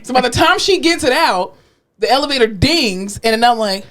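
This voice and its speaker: Young woman co-host, quick animated storyteller, acts out voices, laughs a lot. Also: a little high. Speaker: podcast co-host, therapist. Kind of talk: casual chat.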